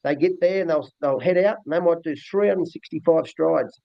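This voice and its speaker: A man's voice: fairly high pitch, normal speed, gravelly, no room sound. An older man with an Australian accent, a dog trainer talking bluntly and rambling earthily in a casual interview. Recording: dull lo-fi dry recording.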